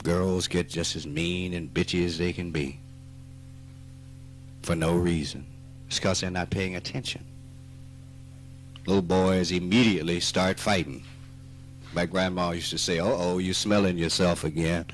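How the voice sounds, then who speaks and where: A man with a Southern US accent giving a spiritual talk, slow and emphatic, teasing his listeners and rising into animated outbursts. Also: deep voice. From Mississippi. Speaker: spiritual teacher. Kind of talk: spoken dharma talk. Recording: archive talk recording with faint music.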